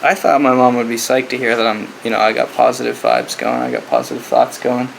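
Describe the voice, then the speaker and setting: Man, podcast co-host, casual chat, gravelly, mid-pitched, rambling and profane. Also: fairly even intonation, brisk, a little hiss or hum, rough recording. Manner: loose, profane, laughing storyteller.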